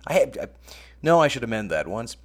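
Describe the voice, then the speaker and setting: A man's voice: mid-range voice, very animated, fairly quick. A middle-aged American man hosting a scripted comic radio monologue with dry, sardonic asides. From United States. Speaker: radio show host.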